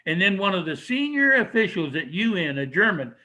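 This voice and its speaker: An older man speaking to an audience in a high, bright voice. He talks emphatically and argumentatively, posing questions and knocking them down himself. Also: big pitch swings, fairly quick, low-quality recording. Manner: emphatic, argumentative, asks and answers his own questions. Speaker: speaker giving a talk. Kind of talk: public speech to an audience.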